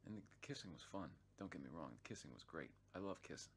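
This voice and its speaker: A man with a low voice tells a personal story in loose, unscripted narration. He swears often, loses his thread, and restarts his sentences. His delivery stays casual and conversational throughout. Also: expressive, fast, a little hiss or hum. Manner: rambling, swears freely, many restarts and fillers. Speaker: vlog narrator.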